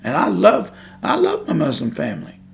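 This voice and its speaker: A man preaching a podcast sermon in a folksy drawl, his voice sitting high for a man. He talks straight into the microphone, speaking plainly and with emphasis, and pushes hard with fervent intensity. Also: wildly swooping pitch, moderate pace, creaky, slight background noise. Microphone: studio microphone.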